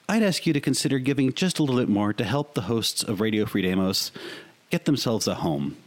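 A man hosting a podcast, chatting in a jokey way and asking listeners for donations. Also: fairly low pitch. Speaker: podcast host. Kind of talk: casual podcast chat.

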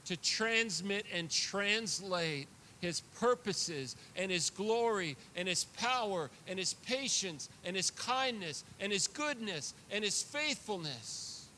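A man's voice: high voice, lively intonation, slow, bright, forceful tone, slight background noise. A man preaching a sermon as pastor, earnest and confessional, often repeating words as he builds a point.

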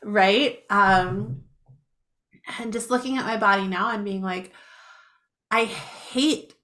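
A woman's voice: mid-range voice, steady tone, measured pace, fairly bright tone. Reflective woman podcast host in her thirties. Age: 30s. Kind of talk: conversational podcast chat.

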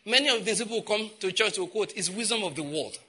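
A Nigerian-accented male preacher with a somewhat high, intensely sharp and forceful voice. He hammers home repeated phrases, drops into pidgin asides and bursts out loudly. The delivery stays emphatic throughout the sermon. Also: animated, quick pace, breathy edge. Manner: emphatic, repeating phrases, with sudden loud outbursts.

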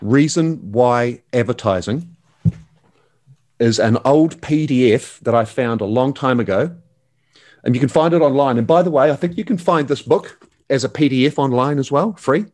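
A man's voice: medium pitch, moderate pace, a little mellow. A man, talking as an enthusiastic, slangy guest in a casual interview. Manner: enthusiastic, slangy, calls the host mate.

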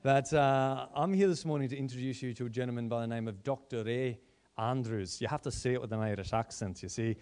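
A man's voice: mid-range voice, brisk, darkish tone, clean tone. A man pastoring a church, introducing a guest and then interviewing him on stage in a jokey, self-interrupting way. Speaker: pastor hosting a church service. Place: church auditorium.

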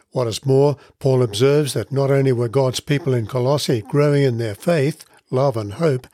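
Guy reading a bible devotional, calm and earnest, leans on key words, dry close mic with no room. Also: medium pitch, dry recording. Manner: measured, earnest reading with deliberate emphasis. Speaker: Bible teacher. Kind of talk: scripted devotional Bible teaching.

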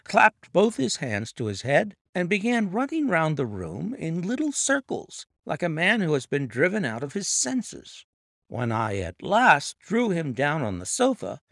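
A man playing an agitated young man, earnest, lively pitch, gravelly, close and dry. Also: no room sound, heavily acted. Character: distressed young man telling his tale.

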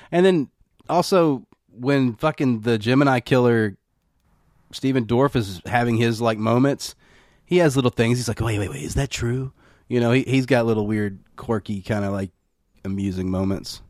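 A man's voice: medium pitch, normal speed, a little mellow, dry recording, clean studio sound. A man co-hosting a podcast, chatting loosely about a film, swearing freely, laughing and acting out lines from it. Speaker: podcast co-host. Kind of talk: casual film discussion.

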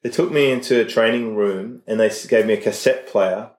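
A middle-aged Australian man chatting casually as a podcast co-host, telling animated stories. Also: lowish voice, brisk. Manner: animated storyteller, acts out others mid-story. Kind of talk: casual chat. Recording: roomy echo.

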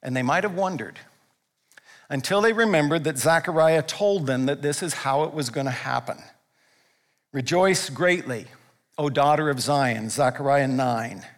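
A man delivers a sermon in a notably high voice, pressing his points with emphasis. He moves between quiet, hushed passages and loud, driving ones. His words hang in the long reverb of a large hall. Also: normal speed. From Canada. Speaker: pastor.

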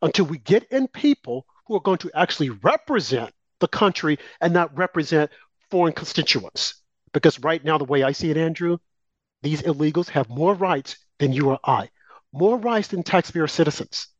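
Talk-show co-host, man with a fairly high voice, heated and emphatic, dull dry recording. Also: animated, moderate pace, no room sound. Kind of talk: opinionated political commentary.

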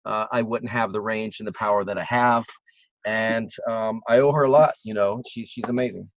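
A man, a vocal coach, telling a story in an animated, casual way with bursts of excitement. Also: on the low side, moderate pace, no echo. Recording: dry, dull lo-fi sound.

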